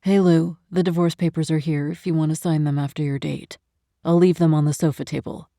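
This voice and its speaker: A woman voicing a detached man's message in an audiobook, flat and matter-of-fact. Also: low voice, brisk, dry recording, clean studio sound. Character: cool, detached grown man sending a message.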